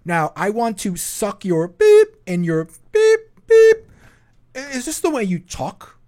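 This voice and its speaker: A man impersonating a stern TV investigator who confronts a suspect in a slow, accusing way. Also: high-pitched, wildly swooping pitch, warm tone, pitched above the performer's own voice, heavily acted.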